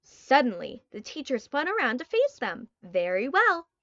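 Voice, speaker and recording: A woman narrating a children's book in an expressive storytelling style. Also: sits high, moderate pace, dry recording, muffled recording. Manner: expressive storytelling with quoted character lines. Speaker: audiobook narrator. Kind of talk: scripted narration.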